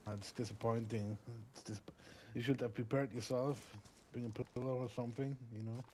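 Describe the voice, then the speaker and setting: Mellow teasing man in game chat. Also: mid-range voice, fairly even intonation, moderate pace, a little hiss or hum. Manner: teasing, swears casually. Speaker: fellow player.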